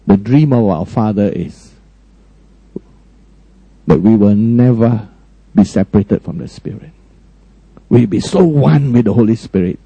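Man preaching, warm mellow voice. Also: unhurried, pauses often, breathy edge, no echo, muffled recording. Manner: emphatic, swinging between high raised lines and low quiet ones; frequent direct questions to the congregation. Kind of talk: sermon.

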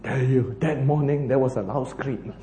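A man preaching a sermon as pastor, telling a Bible story in an animated way with laughs and playful asides. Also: medium pitch, normal speed, roomy sound, slight background noise.

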